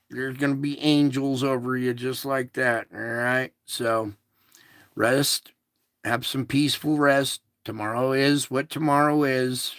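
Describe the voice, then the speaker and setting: A man hosting a casual spiritual show, talking in a slow, soothing, repetitive way to reassure his listeners. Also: medium pitch, fairly bright tone, no room sound, clean studio sound. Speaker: show host. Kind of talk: casual spiritual livestream talk.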